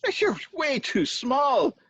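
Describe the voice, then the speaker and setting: A man's voice: extremely high pitch, big pitch swings, slow pace, a bit bright, no room sound, pitched above the performer's own voice, heavily acted. A man voicing a boastful middle-aged king who stammers with bravado. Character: boastful giant Irish high king, male, middle-aged. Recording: dull dry lo-fi recording.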